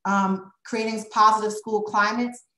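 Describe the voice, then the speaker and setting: A woman's voice: mid-range voice, fairly even intonation, a little slow, pushed and bright. A woman consultant answers board members' questions at a meeting, thinking aloud with fillers and "right?" tags. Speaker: consultant presenting to a school board. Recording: echoey meeting room.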